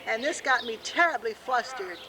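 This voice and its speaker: An older woman outdoors in a backyard, chatting and telling an anecdote to family on a home video, animated when she quotes herself. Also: fairly high pitch, normal speed, a crowd in the background. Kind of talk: casual home video chat. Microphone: home video camera.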